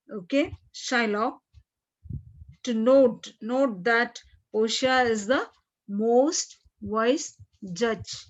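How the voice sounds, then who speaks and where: Woman teacher, fairly high voice, slow and patient, dull lo-fi recording. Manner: slow explaining, frequent "okay" and throat clearing. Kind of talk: classroom literature lesson.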